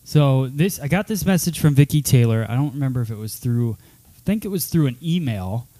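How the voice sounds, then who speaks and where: A man's voice: mid-range voice, animated, fairly quick, warm tone. A man hosting a casual hair-salon talk show, chatting in a rambling, upbeat way with many fillers. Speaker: podcast host. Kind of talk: casual chat.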